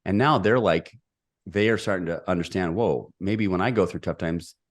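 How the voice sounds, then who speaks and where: A middle-aged man telling a personal story as a podcast guest, energetic and emphatic. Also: deep voice, moderate pace. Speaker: podcast guest, executive coach.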